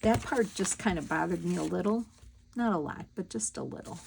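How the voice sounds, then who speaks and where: A woman's voice: lowish voice, a little fast, gravelly, darkish tone, slight background noise. A woman hosting a crafting video, chatting casually and telling stories while she works. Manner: chatty, storytelling, thinks aloud while working. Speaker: crafting channel host.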